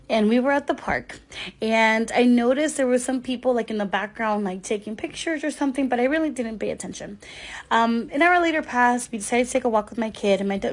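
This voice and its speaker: A mother telling a storytime in a rambling, casual way, with many fillers. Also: fairly high pitch.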